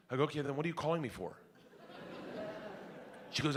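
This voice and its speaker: A middle-aged man doing stand-up, telling stories in a loud, crude, animated way that breaks into shouts. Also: a little high, a little fast, long pauses. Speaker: stand-up comedian. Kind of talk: stand-up storytelling. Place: comedy club stage before a live audience. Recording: live room noise from the crowd.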